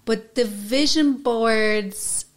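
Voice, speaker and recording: A woman's voice: fairly high pitch, drawn-out words. An Irish woman co-hosting a podcast in casual chat, with dry, teasing banter. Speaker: podcast co-host.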